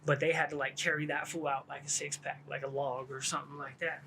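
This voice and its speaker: A middle-aged man tells a rambling story from his past in loose street slang, circling back and restarting often. His voice sits a little high for a man. A faint hiss runs behind him. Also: flat delivery, fast talker, vocal fry, sharp tone. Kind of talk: casual storytelling.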